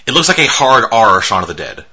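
A man with a lowish, husky voice and a very bright, tense edge to it. He co-hosts a movie chat show and rambles casually, swearing freely and leaning on filler words. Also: sing-song, brisk. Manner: loose, profane, heavy on filler words. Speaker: podcast co-host reviewing movies.

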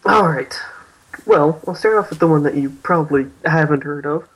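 A man's voice: fairly high pitch, moderate pace, a bit bright, husky, poor audio. A man co-hosting a casual podcast, hesitantly recapping a story and laughing often. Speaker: podcast co-host.

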